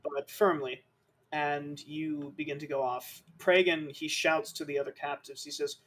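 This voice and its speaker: A man narrating a tabletop game as game master, slow and dramatic in his descriptions. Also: on the high side, flat delivery, fairly bright tone.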